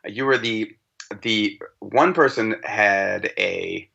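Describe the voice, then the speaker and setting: Male podcast host, gravelly, lowish voice, bright tone, dull lo-fi recording. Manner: joking, quick to laugh. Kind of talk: casual chat. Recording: dull lo-fi sound.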